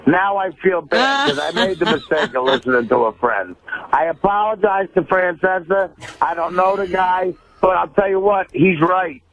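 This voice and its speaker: A man's voice: high-pitched, fairly bright tone. A man calling in to a radio show, brash and profane, talking over the host. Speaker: caller to a sports radio show. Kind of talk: heated call-in argument. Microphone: phone call. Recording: tinny phone line.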